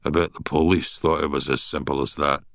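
A man doing a gruff Glaswegian inmate. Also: rumbling low, fairly even intonation, a little fast, fairly bright tone, no echo, clean studio sound. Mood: blunt, probing. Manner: blunt, interrogating. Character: gruff Glaswegian male prisoner, blunt and skeptical.

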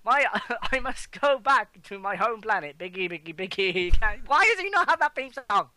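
A woman's voice: a little high, sing-song, moderate pace, pushed and bright, slight background noise. A woman co-hosting a casual wrestling chat, sarcastic and giggly, swearing freely. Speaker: wrestling podcast co-host.

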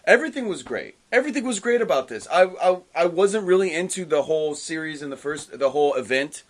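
A man co-hosting a casual comic book podcast, talking excitedly and stumbling over his words as he gushes. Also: fairly high pitch, quick pace. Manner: enthusiastic, animated, stumbles and restarts often. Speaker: podcast co-host.

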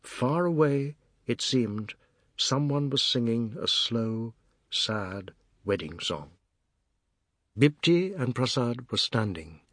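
A man reading a novel aloud in measured, even storytelling narration. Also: medium pitch, no room sound, studio quality. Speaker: audiobook narrator. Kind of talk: scripted literary narration.

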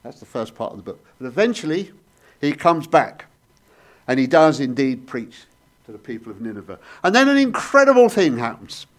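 A man preaching a sermon, telling stories with sudden rises and soft, hushed drops. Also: mid-range voice, very animated, moderate pace.

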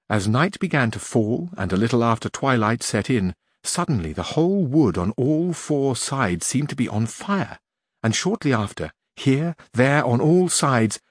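A man reads a classic novel aloud for an audiobook, with measured and expressive storytelling. His voice sits at a medium pitch with a breathy edge. The recording is dry and studio-clean.

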